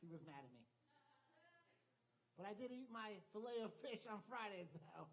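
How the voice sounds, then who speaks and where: A woman's voice: medium pitch, expressive, moderate pace, rough recording. A woman hosting a live comedy show on a club stage, loose and hyping up the crowd between acts. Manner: loose, hypes up the audience.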